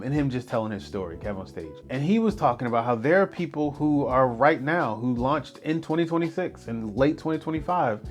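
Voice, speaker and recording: A man hosting a motivational podcast, talking earnestly and in an animated way, often asking rhetorical questions. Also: mid-range voice. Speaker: podcast host.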